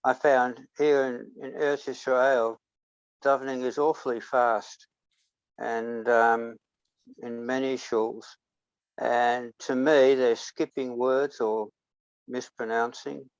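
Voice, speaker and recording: A man's voice: medium pitch, level tone, slow pace, clear, resonant tone, no room sound. Australian man reading over a dull phone line. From South Australia. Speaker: study group participant. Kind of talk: reading a religious text aloud. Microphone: phone on a video call. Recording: dull, dry phone audio.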